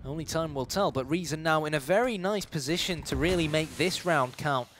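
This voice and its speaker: A man casting a live esports match, lively and playful, building excitement in the big moments. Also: fairly high pitch, a little fast, slight background noise. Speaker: esports commentator.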